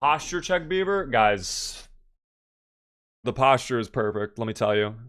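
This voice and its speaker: A man's voice: mid-range voice, unhurried, a little hiss or hum. A young man chatting casually while live-streaming a survival game, reading out chat and breaking into exasperated outbursts. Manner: animated, exasperated outbursts at his character.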